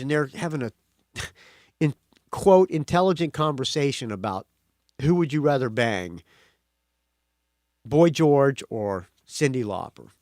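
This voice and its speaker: Blunt, lively-voiced male podcast host. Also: medium pitch, unhurried, long pauses, dry recording, studio quality. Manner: blunt and profane, with frequent restarts. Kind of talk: casual movie review monologue.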